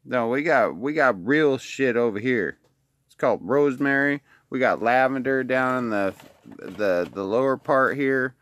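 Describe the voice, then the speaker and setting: A middle-aged man who grew up in Alaska, vlogging from his kitchen by the wood stove, swearing constantly in a loud, angry rant. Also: medium pitch, a little slow, no room sound. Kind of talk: casual ranting monologue.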